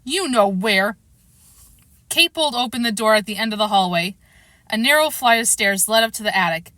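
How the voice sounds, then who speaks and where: Bright-voiced woman reading a story aloud. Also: fairly high pitch, fast talker, dry recording. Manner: expressive read-aloud, acting out the characters' lines. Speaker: storybook reader. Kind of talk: scripted storybook narration.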